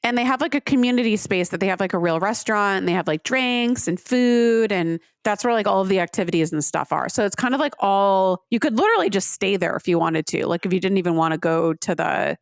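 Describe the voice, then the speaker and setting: A woman's voice: mid-range voice, a little fast, gravelly, hardly any pauses, no echo. Chatty woman podcast co-host, dry studio sound. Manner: chatty storyteller, many "like" fillers. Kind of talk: casual chat.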